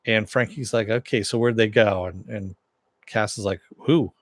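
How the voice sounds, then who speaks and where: A man's voice: on the low side, fairly even intonation, moderate pace, fairly bright tone, no room sound. A man casually recapping a TV episode, rambling with many fillers and loosely acting out the characters' lines. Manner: rambling, filler-heavy, loosely acts out quotes. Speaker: TV episode reviewer.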